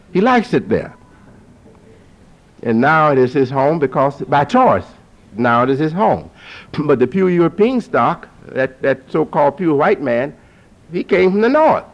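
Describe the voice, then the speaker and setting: Guy preaching with a lively swooping voice, says things twice, dull lo-fi tape. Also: mid-range voice. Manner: repeats phrases for emphasis; lively, rising to forceful peaks. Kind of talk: preaching to an audience. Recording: dull lo-fi recording.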